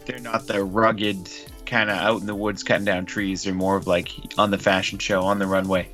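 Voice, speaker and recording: A man with a low but bright, forceful voice trades jokes on a gaming podcast. He teases his co-host, and faint music plays underneath. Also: level tone. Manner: joking, quick to tease. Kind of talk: casual gaming podcast chat.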